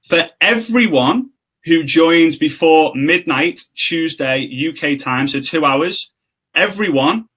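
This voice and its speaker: A young man hosting a casual live stream over a video call, talking in an excitable, quick and self-mocking way. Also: on the high side, rough recording. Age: young adult.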